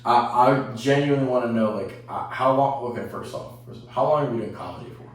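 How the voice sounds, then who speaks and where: A man's voice: mid-range voice, fast talker. A man hosting a casual podcast, rambling, provocative and laughing at himself. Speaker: podcast host. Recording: echoey room, mic at a distance.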